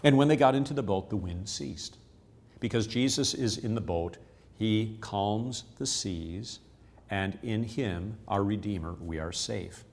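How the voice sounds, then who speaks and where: On his devotional podcast, a man with a lowish, darkish voice teaches scripture a little slowly. He explains a Bible passage earnestly and repeats key phrases.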